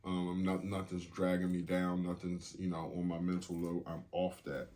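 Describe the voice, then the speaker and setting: A man's voice: low voice, completely flat delivery, moderate pace, dark tone. A man hosting a podcast in casual chat, laid-back and joking, swearing freely. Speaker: podcast host.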